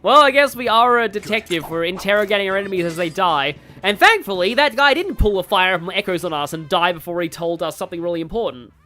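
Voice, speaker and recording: A chatty man commenting on a video game as he plays, rambling and joking. His voice is bright and lively in pitch, with faint game music beneath. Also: fast, few pauses. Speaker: gaming YouTuber. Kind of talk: casual let's-play commentary.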